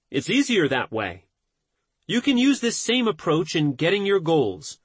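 Husky, earnest male audiobook narrator. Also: fairly high pitch, a bit bright, no room sound. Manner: measured, earnest reading. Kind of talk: scripted narration.

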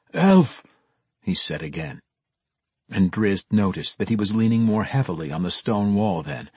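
Male audiobook narrator, husky low voice, animated dramatic reading, dry studio read. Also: no room sound. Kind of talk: scripted fantasy narration.

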